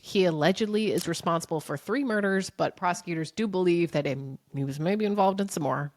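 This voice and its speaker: A young adult woman co-hosting a podcast, telling a story in an animated, chatty way. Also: fairly low pitch, brisk, dry recording, studio quality. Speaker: podcast co-host. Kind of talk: casual chat.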